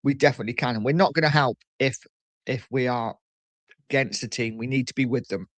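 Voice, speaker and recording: A man's voice: mid-range voice, fairly quick, a bit bright, no room sound. A man hosting a casual fan live stream, reading out viewer comments and reacting in a chatty way, often repeating himself. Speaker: fan channel host reading live chat.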